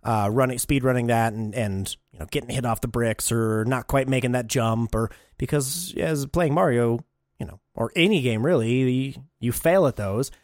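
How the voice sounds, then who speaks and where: A man co-hosting a podcast with an easy, mid-pitched voice. He asks questions, agrees readily, and talks eagerly about the little references he spotted. The recording is dry and close. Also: moderate pace, no room sound. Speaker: podcast co-host. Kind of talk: casual chat.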